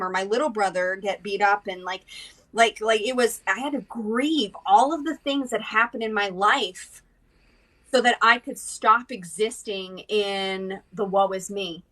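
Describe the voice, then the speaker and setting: Candid woman guest, bright tone, set back from the mic, blunt and raw. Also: mid-range voice, measured pace, far from the mic, low-quality recording. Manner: blunt, emotional, frequent restarts and swearing. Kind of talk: candid personal conversation.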